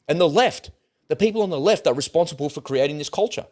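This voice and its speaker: A man's voice: on the high side, animated, quick pace, darkish tone. An Australian man hosting a political commentary livestream, talking bluntly in casual, ranting speech and swearing freely.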